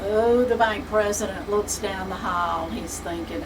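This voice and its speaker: A woman tells a folksy story in an unhurried, animated way. Her voice sits a little high. The recording is distant, with clear background noise.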